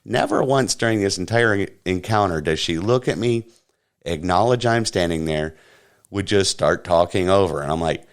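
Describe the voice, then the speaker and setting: A man's voice: sits low, lively intonation, moderate pace. A man hosting a podcast, casually recounting an anecdote step by step. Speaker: podcast host.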